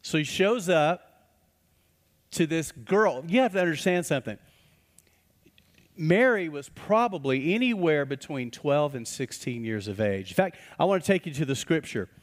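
A man's voice: on the high side, expressive, normal speed. A man, a pastor preaching a sermon in a church and telling folksy stories with acted-out voices. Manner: folksy storytelling, acts out quoted voices. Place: church sanctuary. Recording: reverberant church hall.

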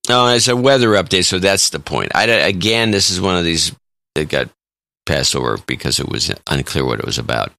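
A man's voice: low-pitched, animated, brisk, vocal fry, bright, forceful tone, dry recording. A man co-hosting a podcast with dry, wry remarks, reading listener notes aloud. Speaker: podcast co-host.

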